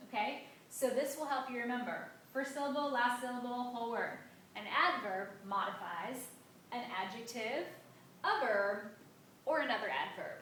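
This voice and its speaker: A woman teacher gives a grammar lesson in a bright, fairly high voice, leaning hard on key words and drawing them out. She is recorded from some distance in a very echoey classroom with faint background noise. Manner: emphatic, drawn-out stresses on key words. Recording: echoey room, mic at a distance.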